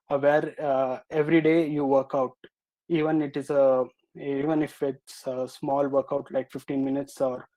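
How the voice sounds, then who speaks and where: A nervous young man answering a panel's questions, hesitating with many filler pauses. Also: fairly high pitch, mellow, low-quality recording. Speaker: student presenter.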